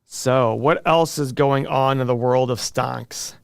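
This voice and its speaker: A man's voice: medium pitch, steady tone, slow, vocal fry, clean tone, no echo, clean studio sound. A middle-aged man hosting a casual livestream, answering viewer questions with jokes and self-deprecating asides.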